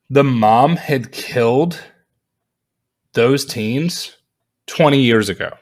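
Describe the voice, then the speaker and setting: A man casually reviewing a movie in a vlog, rambling and animated, with lots of fillers and frequent laughs. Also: mid-range voice.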